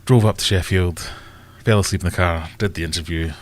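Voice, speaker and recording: Deep-voiced Scottish man rambling on a live stream. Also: steady tone, a little fast, a little hiss or hum. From Scotland. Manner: rambling and self-mocking, thinks aloud. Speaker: aquarium channel host. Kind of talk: casual live-stream chat.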